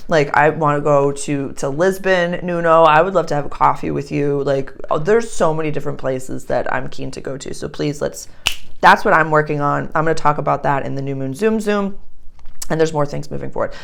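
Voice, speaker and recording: A woman's voice: sits low, a little fast, gravelly. A woman with a Boston accent talking in a chatty, rambling way, as an astrologer in a casual vlog. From Boston area, United States. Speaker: astrologer and channeler.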